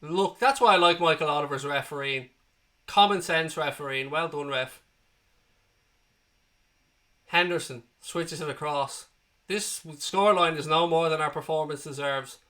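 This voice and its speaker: A man hosting a live football watchalong, calling the play and chatting with viewers, excitable and prone to swearing as he cheers. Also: on the high side, measured pace, pauses often. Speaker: watchalong host. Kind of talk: live match commentary and chat. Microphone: desk microphone.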